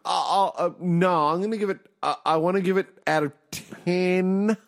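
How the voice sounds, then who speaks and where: A man's voice: high voice, normal speed, gravelly. Teasing man, sure of his opinions. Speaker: podcast co-host. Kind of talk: casual chat.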